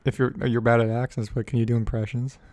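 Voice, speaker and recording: A man's voice: medium pitch, level tone, fast talker, darkish tone. A young man co-hosting a casual podcast in a basement who laughs a lot, teases his friend and says he has been drinking. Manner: laughs a lot, teasing, a bit tipsy. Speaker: podcast co-host. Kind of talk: casual chat.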